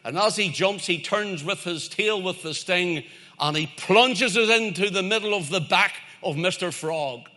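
Bright, high-voiced male preacher. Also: unhurried. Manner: emphatic and repetitive, building lists to a climax. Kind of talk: sermon.

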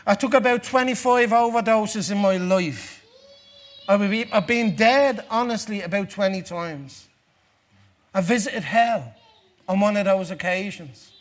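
In a sermon of personal testimony before a church congregation, an earnest Irish man lowers his voice and slows down during the darker moments.

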